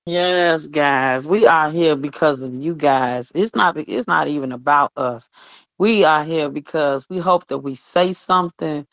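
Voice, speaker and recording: A woman's voice: deep voice, measured pace, fairly bright tone, dry recording. A woman co-hosting a radio show, talking in a fervent, preachy way and repeating herself for emphasis. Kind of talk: casual on-air chat. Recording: dull lo-fi audio.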